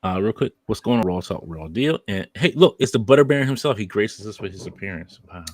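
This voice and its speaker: Joking podcast host, lowish voice. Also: male voice, fast talker, no echo. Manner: animated, joking, reads chat comments aloud. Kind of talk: casual chat.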